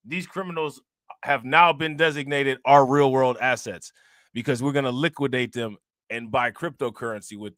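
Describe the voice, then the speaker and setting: Using loose, slangy talk, this male host reacts casually to crime news, laughing frequently and giving shout-outs to viewers. His medium-pitched voice sounds sharp and bright, and the recording is close and dry, with no room around it.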